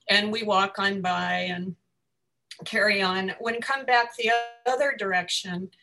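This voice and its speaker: A woman telling a personal story in a group discussion, full of fillers and restarts, with soft laughs between phrases. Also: mid-range voice.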